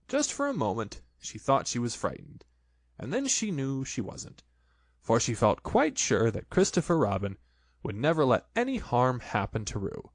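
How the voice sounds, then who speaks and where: Man, children's storybook narration, very lively pitch, medium voice, dry close sound. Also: normal speed, no room sound. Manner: expressive, lively.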